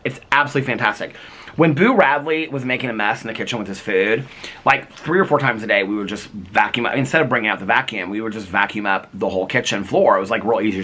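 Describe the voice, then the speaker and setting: A man's voice: on the low side, bright, forceful tone, breathy edge. A man vlogging casually from home on a handheld phone, rambling with lots of fillers and frequent laughter. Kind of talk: casual chat. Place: his home, indoors.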